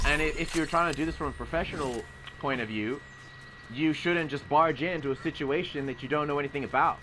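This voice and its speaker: A man's voice: fairly high pitch, a little fast, background noise. A man ranting in a rambling, indignant way, with heavy swearing. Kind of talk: rambling personal rant.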